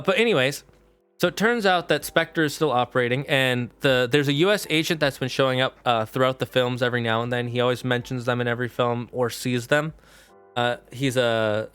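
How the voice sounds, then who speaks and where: During a live stream, a man chats through a film recap in an animated, wandering style full of filler words. His voice is mid-range, with a clear and resonant tone.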